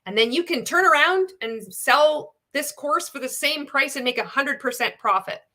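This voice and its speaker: Female livestream host, bright and forceful tone, candid, profane commentary. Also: high voice, moderate pace. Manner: blunt, swears freely, reads out chat comments; candid and animated, laughs often.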